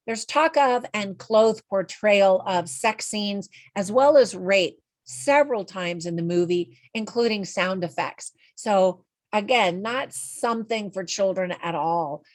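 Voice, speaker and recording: A middle-aged woman talks through a film review in a frank, conversational way, chatty and quick to laugh at her own asides. Her voice sits at an ordinary pitch for a woman. It is close-miked and dry, with no room echo. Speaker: movie reviewer. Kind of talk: casual spoken movie review.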